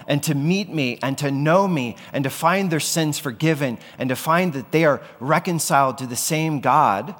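A man's voice: on the high side, expressive, moderate pace, hardly any pauses, a bit bright. Man preaching in an echoing hall. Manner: conversational, asks the audience questions. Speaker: pastor. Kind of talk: sermon. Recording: long hall reverb.

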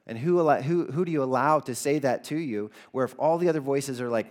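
A man preaching a sermon as pastor, earnest, with his voice rising for emphasis and dropping low for quoted lines. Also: fairly quick, few pauses, a little mellow.

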